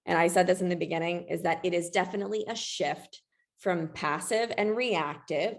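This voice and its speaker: Low, gravelly woman presenting a webinar. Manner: chatty, self-deprecating, quick to laugh.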